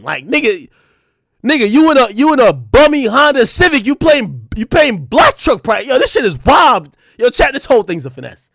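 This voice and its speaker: A young man, live-streaming a casual, profane, animated rant to his chat and breaking into loud outbursts. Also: very high-pitched, no room sound, studio quality.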